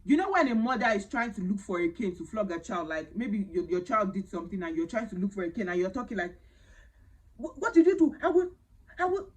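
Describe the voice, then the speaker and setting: Animated Nigerian woman telling a story. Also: medium pitch, quick pace, hardly any pauses, rough recording. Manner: animated, dramatic storytelling with Pidgin phrases. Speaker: vlogger telling a personal story. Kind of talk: casual storytime.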